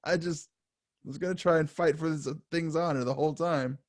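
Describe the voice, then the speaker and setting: Talking briskly, a man co-hosts a podcast and spins stories in casual conversation. He acts out quotes with large pitch swings, an animated storyteller. The recording is dry and clean, with studio sound.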